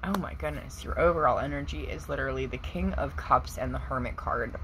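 A woman doing a casual tarot reading for viewers. She is excitable, laughs often, swears casually and calls the audience pet names. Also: extremely low pitch, fairly quick, background noise. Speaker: tarot reader.

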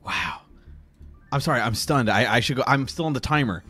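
A young man streaming a card game, giggling and excitedly calling out each play as it happens. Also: mid-range voice, fast, faint music behind. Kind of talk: live gameplay commentary.

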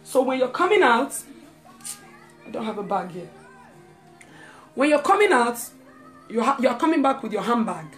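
Woman preacher, live-streamed sermon, animated and talking right to her listeners, soft music in the background. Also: fairly high pitch, moderate pace, pauses often. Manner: lively, talks straight to listeners with asides; reads scripture aloud.

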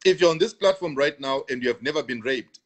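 A man's voice: medium pitch, quick pace. A man, a pastor, talking on a live stream and answering viewer comments, repeating himself for emphasis and laughing between points.

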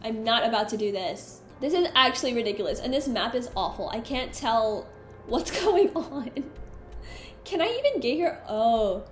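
Lively, animated woman gaming streamer. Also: fairly high pitch, normal speed, roomy sound, soft background music. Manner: chatty, easily exasperated, talks to her companion. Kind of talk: casual let's-play commentary.

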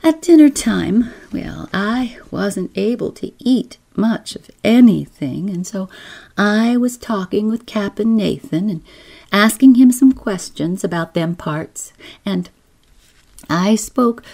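A woman's voice: mid-range voice, animated, slow, gravelly, warm tone, voice pushed up, exaggerated voice. A woman voicing a whining, gossipy older village woman with a rural New England accent, rambling on in a storybook reading. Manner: whining, rambling, self-pitying.

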